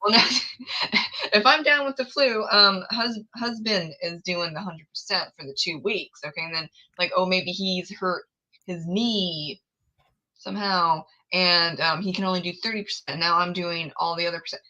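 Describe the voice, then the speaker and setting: Heldere, nadrukkelijke vrouw, lage stem. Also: female voice, on the low side, normal speed, bright, forceful tone, lo-fi sound. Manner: frank and emphatic, laughs often. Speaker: livestream host. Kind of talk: casual chat.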